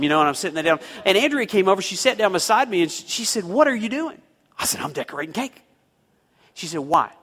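A man's voice: fairly high pitch, bright, forceful tone, long reverb tail. A man preaching a sermon, telling a homespun story and rising into emphatic pleas. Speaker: pastor.

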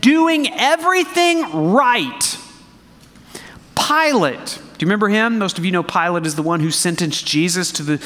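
A man preaching a sermon, animated and conversational, asking the congregation questions as he reads scripture. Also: fairly high pitch, quick pace, few pauses, long reverb tail. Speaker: pastor.

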